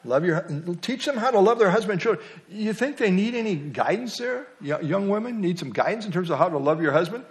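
A middle-aged man leads a Bible study class in a relaxed, chatty manner. He keeps asking his listeners questions and throws in light jokes. His voice sits a little above the usual male pitch. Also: a little fast, hardly any pauses. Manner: conversational, quizzes the class and jokes. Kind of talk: interactive Bible study lesson.

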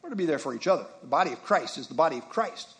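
A male pastor preaching a sermon in a conversational way, with folksy asides and slow, deliberate scripture reading. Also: on the high side, very animated.

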